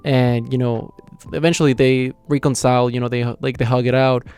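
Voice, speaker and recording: A man's voice: medium pitch, little pitch movement, a little fast, a little mellow, clean tone, soft background music. A young man hosting his own channel, casually recapping and reviewing an episode, rambling with lots of filler words and frequent chuckles. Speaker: anime reaction channel host.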